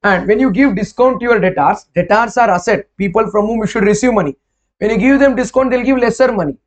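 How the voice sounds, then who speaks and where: Man, accounting teacher, high-pitched, quizzing the class, repeating numbers aloud. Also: fast. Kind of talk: classroom lecture.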